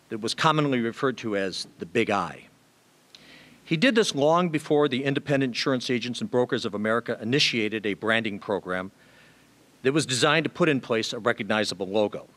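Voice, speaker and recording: A man's voice: mid-range voice, a bit bright. Man reading a formal tribute. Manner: measured, formal, reads prepared remarks with small hesitations. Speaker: tribute speaker. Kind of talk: formal prepared tribute speech.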